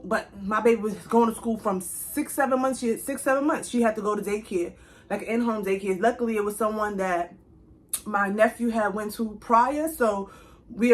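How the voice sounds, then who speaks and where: Young woman, chatty storytime vlog, fairly high voice, animated. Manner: chatty, animated, talks straight to viewers. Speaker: vlogger. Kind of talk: casual storytime.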